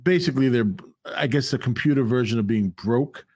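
A man's voice: medium pitch, fairly quick, a little mellow. A man who is a guest reviewer on a movie podcast, speaking bluntly and with profanity, exasperated about a character. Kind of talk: casual podcast chat.

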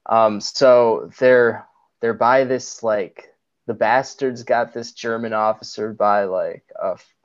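A man's voice: mid-range voice, steady tone, takes it slowly, lo-fi sound. A young man co-hosting a podcast, recapping a film scene in a rambling way full of "like"s. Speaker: podcast co-host. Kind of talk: casual film chat.

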